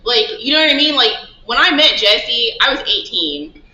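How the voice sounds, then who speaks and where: A woman who owns a shop, telling stories in a casual interview and acting out the dialogue in lively quoted asides. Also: on the high side, normal speed. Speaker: shop owner guest. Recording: roomy, dull lo-fi sound.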